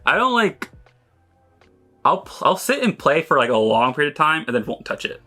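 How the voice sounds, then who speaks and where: A man's voice: a little high, sing-song, moderate pace, sharp tone, faint music behind. A man co-hosting a podcast in casual chat, with a hesitant, self-conscious but playful way of talking. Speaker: podcast co-host.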